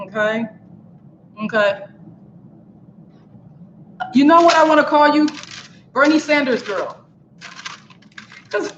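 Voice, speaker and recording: A woman's voice: sits high, a bit bright, a little hiss or hum. Chatty woman hosting a live kitchen stream. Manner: chatty, talks straight to viewers. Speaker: cooking show host. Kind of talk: casual live cooking stream chat. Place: home kitchen. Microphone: camera on a stand for a live stream. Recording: roomy, dull kitchen sound.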